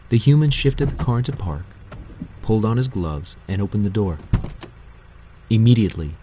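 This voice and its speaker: A man narrating a novel in a measured, steady audiobook reading. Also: on the low side, noisy background.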